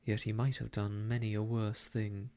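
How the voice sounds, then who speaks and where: A man softly reading an old novel aloud for ASMR, hushed and slow, slipping into whispers, close to the mic. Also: on the low side, flat delivery. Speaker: storyteller.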